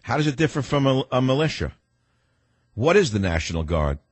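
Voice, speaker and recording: A man's voice: mid-range voice, sing-song, fairly quick, husky, no echo. A man hosting a talk radio show, firing off sarcastic rhetorical questions in a combative monologue and taking calls.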